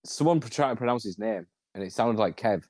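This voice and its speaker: A man's voice: lowish voice, expressive, a little fast, darkish tone, dry recording, studio quality. A man joining a casual podcast chat with joking banter. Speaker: podcast guest.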